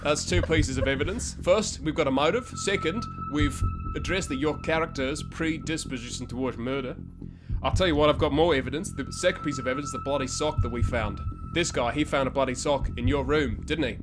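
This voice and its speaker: A man's voice: fairly high pitch, a little fast, music in the background. A man co-hosting a comedy role-play podcast, rambling through mock-detective accusations and then signing off the episode. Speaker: podcast co-host and player.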